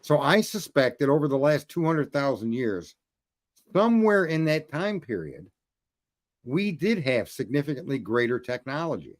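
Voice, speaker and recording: A man's voice: medium pitch, sing-song, moderate pace, no echo. A man in casual chat, telling a roofing story in a blunt, profane way. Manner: storytelling, profane, talks through trade details.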